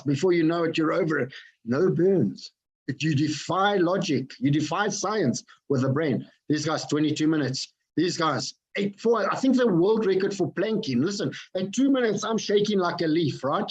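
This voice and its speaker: A man giving an energetic motivational talk to an online group. He keeps asking his listeners questions and repeats his phrases for effect. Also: a little high, moderate pace, husky, muffled recording. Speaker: motivational speaker.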